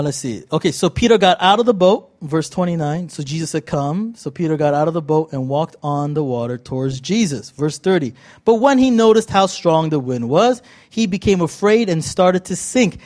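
A male pastor from California preaching a conversational sermon to a congregation, playful and animated, with frequent asides and questions to the audience. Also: fairly high pitch.

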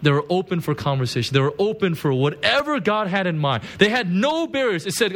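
Lively, chatty male pastor preaching. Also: high voice, fairly quick. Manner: chatty, constant "right?" and "you know" asides; laughs at his own stories. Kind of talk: conversational sermon.

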